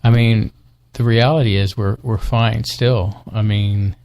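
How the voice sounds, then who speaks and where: A man with a low, gravelly voice co-hosts a live internet talk show in relaxed, casual chat. He rambles and fills his sentences with "you know" and "um.". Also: unhurried. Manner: rambling, many fillers. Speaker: podcast co-host.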